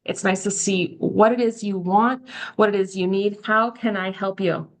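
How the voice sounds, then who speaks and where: A middle-aged woman coaching a live online training, telling candid, chatty stories with lively quoted voices. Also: medium pitch, moderate pace. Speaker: social media coach. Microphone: video call.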